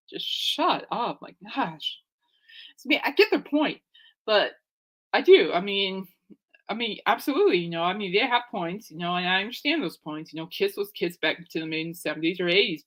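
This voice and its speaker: A woman hosting her own podcast, chatting in a loose, rambling way, trailing off, circling back and laughing at herself. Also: mid-range voice. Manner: rambling, animated, laughs often, jumps between thoughts. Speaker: podcast host. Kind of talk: casual rambling chat.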